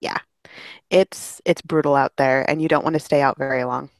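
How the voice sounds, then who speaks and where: A woman's voice: very deep voice, steady tone, moderate pace, creaky, no room sound. A woman from Minnesota, a radio producer, chatting easily as a podcast guest, laughing often with frequent ums. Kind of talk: casual interview chat.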